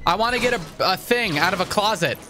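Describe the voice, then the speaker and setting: A young man giving excitable, jokey gameplay commentary and swearing often. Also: sits high, fast talker, noisy background. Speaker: gaming channel host. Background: game music and sounds.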